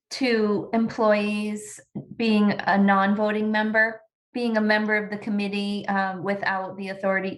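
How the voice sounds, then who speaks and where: A woman's voice: mid-range voice, a bit bright, rough recording. A woman on a committee, asking careful clarifying questions and apologizing for being particular. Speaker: committee member. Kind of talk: meeting discussion.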